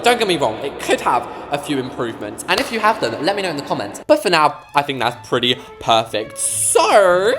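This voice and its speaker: Lively eighteen-year-old guy. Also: mid-range voice. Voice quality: occasional voice cracks. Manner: chatty, playful, talking straight to viewers. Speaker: gaming YouTuber. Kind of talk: casual game-build commentary.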